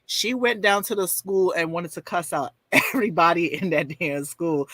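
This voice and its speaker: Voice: medium pitch, lively intonation, normal speed, few pauses, fairly bright tone, no echo. Chatty co-host telling stories, dry sound. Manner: chatty storyteller, laughs easily. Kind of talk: casual movie discussion.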